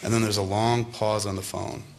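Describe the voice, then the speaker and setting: A man's voice: lowish voice, moderate pace, vocal fry, a little hiss or hum. A man in his thirties telling casual, profane anecdotes to a live audience at a university event, acting out the other people in his stories. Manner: profane, animated, acts out others' lines.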